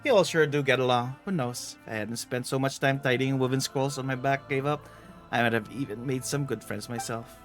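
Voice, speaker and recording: A man's voice: medium pitch, a little fast, soft background music, lightly acted. A man reading the lines of a teasing, vain aging female treasure hunter aloud while streaming a game.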